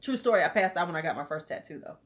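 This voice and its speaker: A woman's voice: on the low side, expressive, rapid-fire. A middle-aged woman hosting a casual live chat, talking loosely and bawdily and laughing along with her viewers. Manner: chatty, loose and bawdy, laughing with commenters. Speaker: host of a live beauty chat.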